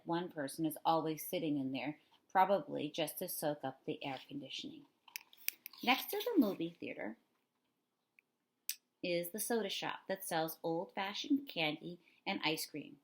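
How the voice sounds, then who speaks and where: A woman reads a children's novel aloud with a slightly low voice. She tells the story expressively and gives it a lively read-aloud feel. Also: rough recording. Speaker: reader.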